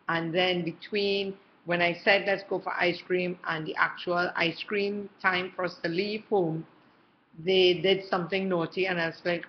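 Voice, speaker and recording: A woman's voice: fairly low pitch, highs cut off, slight background noise. A middle-aged woman giving parenting advice to camera in a casual, chatty way, often checking in with her listener. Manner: warm, chatty, checks in often with "okay" and "all right".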